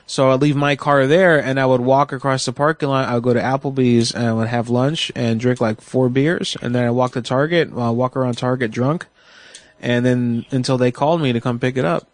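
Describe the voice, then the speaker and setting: A man's voice: medium pitch, fairly even intonation, a little fast, dry recording. A man hosting a casual talk radio show, sick and rambling through profane stories. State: sick, congested.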